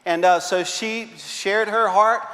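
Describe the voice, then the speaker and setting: A middle-aged man preaching a sermon as pastor, telling animated stories with frequent uh fillers and repeats. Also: high voice, takes it slowly. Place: church sanctuary. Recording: long reverb of a large church hall.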